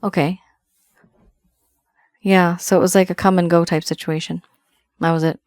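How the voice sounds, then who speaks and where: Low-voiced woman giving a musing tarot reading. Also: little pitch movement, normal speed, a little mellow, no echo. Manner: musing, intuitive, talks straight to viewers. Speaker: tarot reader. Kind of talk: solo tarot card reading to camera.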